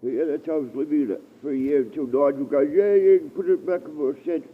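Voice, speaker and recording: A man rambling and halting through a casual livestream chat from a dark shed, often repeating himself and swearing. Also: fairly high pitch. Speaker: live streamer. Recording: tinny phone-like stream audio.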